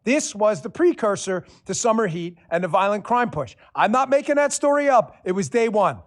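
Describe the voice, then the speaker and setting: A man's voice: sits high, big pitch swings, normal speed. A man hosting a political talk show, delivering a sarcastic, combative monologue and swearing freely. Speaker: show host.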